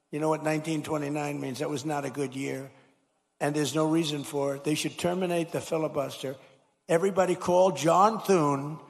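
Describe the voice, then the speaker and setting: A man's voice: on the high side, gravelly. A man, a politician, giving a rambling, repetitive and emphatic rally speech from a podium mic in a large school hall. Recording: long hall reverb.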